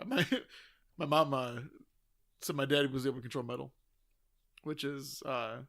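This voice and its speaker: A man co-hosting a casual movie chat, relaxed and chuckling, with quick agreeing replies. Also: mid-range voice. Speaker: co-host.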